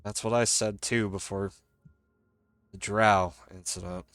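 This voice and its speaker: A man's voice: on the low side, steady tone, measured pace, a bit bright, dry recording. A man chatting casually as a player in a tabletop game.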